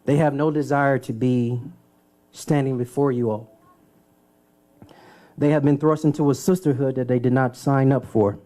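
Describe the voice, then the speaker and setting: A man, a city mayor, giving a solemn, measured speech at a press conference. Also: mid-range voice, steady tone, mellow.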